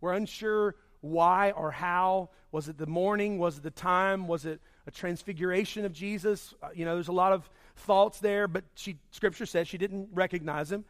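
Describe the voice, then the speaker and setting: A man preaching a sermon, swinging between loud emphasis and hushed, slow passages. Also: high-pitched. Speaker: pastor.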